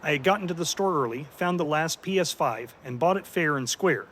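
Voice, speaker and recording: A man narrating a story in an even, scripted way, as the host of a story channel. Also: on the high side, fairly quick, a little hiss or hum.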